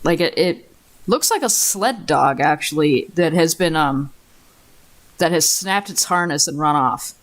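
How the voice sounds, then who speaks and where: A woman narrating as dungeon master of a tabletop game, relaxed and laughing often. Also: low voice, measured pace. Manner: relaxed, laughing, swears casually.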